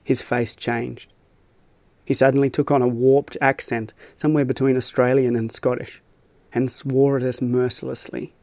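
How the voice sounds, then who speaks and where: A man reading his own reflective travel essay aloud as scripted narration, measured and thoughtful. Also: medium pitch, little pitch movement, creaky, warm tone, no room sound. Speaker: storyteller.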